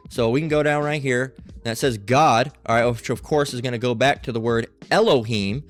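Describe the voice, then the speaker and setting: A man teaching a Bible study lesson at a middle pitch, with faint music under his voice. He stresses his points and tags nearly every phrase with "all right?" or "okay?" to keep the listener with him. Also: brisk. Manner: emphatic, keeps checking in with "all right?" and "okay?".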